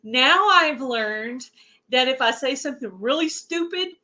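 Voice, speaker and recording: A woman's voice: sits high, expressive, a little slow, bright, forceful tone. A woman with a Southern US accent, hosting a casual panel chat and talking about herself in a chatty, self-deprecating way. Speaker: channel host.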